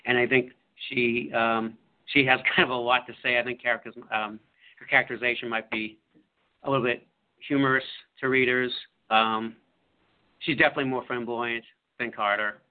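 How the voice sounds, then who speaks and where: A man, an author, talking about his book in a halting way with many fillers. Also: medium pitch, steady tone. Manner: halting, full of fillers and restarts. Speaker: author being interviewed. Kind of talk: casual radio interview. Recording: phone-like line.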